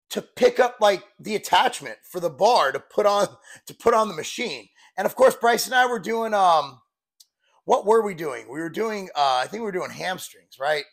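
A man's voice: sits high, creaky. A man in his forties, a fitness coach, talking candidly and bluntly in a rambling, casual vlog style. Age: 40s.

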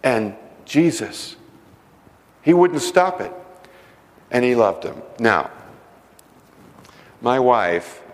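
A middle-aged man preaching a sermon with stories, shifting between loud emphasis and hushed, slowed phrases. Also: low voice. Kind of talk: sermon storytelling. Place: church sanctuary. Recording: long reverb of a large hall.

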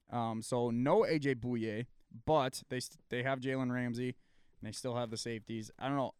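A man's voice: medium pitch, a little mellow, clear, resonant tone, dry recording, studio quality. A man co-hosting a sports podcast, chatting casually and laughing often.

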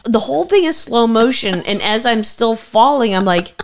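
A woman's voice: on the high side, lively intonation, moderate pace, very noisy. A woman chatting casually as a podcast co-host who lays out facts and adds dry, blunt remarks. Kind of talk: casual chat.

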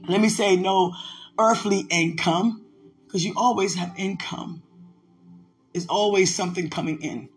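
A woman's voice: medium pitch, a little slow, soft background music. A woman in a casual spiritual vlog, speaking emotionally and prayerfully, tenderly addressing unseen listeners.

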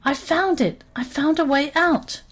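A woman voicing a brave, excitable young male mouse in a storybook reading, speaking in a squeaky, eager way. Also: normal speed, natural voice. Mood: overjoyed.

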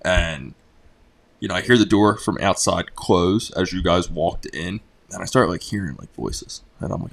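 A young man with a deep voice and a gravelly edge, co-hosting a podcast. He talks in an easygoing way and fills his sentences with uhs and you-knows. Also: fairly bright tone. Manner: laid-back, filler-heavy, quick to laugh. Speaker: podcast co-host. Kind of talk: casual podcast chat.

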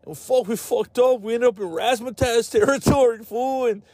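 A man's voice: very high-pitched, moderate pace, a little mellow, no echo, clean studio sound, pitched above the performer's own voice. A man voicing a swaggering male street gang member who taunts others and keeps calling them fool. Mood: taunting.

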